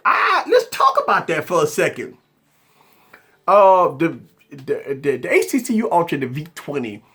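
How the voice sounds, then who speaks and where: A male tech host rambles conversationally through a live stream, repeating himself as he chats with viewers. His voice sits high and swings lively up and down. It has a husky grain. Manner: animated, repetitive, rambling, conversational.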